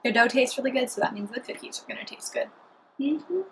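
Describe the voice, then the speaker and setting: A woman's voice: fairly high pitch, brisk, a bit bright, a little hiss or hum, poor audio. A woman talking chattily and cheerfully through a home cooking vlog in her kitchen. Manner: chatty, upbeat, talks while eating. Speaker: cooking vlogger.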